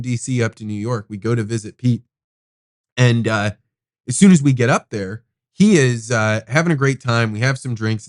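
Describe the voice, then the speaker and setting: A man hosting a podcast tells a personal story, rambling and animated, with some casual swearing. His voice is recorded close and dry, with no room sound around it. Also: mid-range voice, dry recording. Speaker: podcast host.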